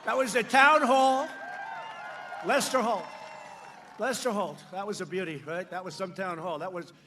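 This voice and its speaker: A man giving a campaign rally speech at a podium microphone, mocking and repetitive, shouting lines out to the crowd. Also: sits high, moderate pace, background noise. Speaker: politician addressing a rally crowd. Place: large outdoor rally.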